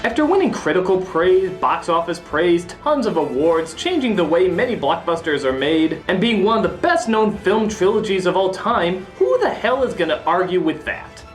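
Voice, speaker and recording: A man giving a comedic film review in the style of a famous critic, ranting and sarcastic, breaking into sudden high yells. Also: sing-song, normal speed, few pauses. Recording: echoey room with faint music.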